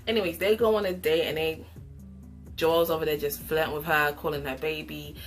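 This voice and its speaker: Sassy low-voiced woman reviewer. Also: fairly quick, soft background music. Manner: opinionated, sassy, animated asides. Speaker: reality show reviewer. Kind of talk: casual commentary review.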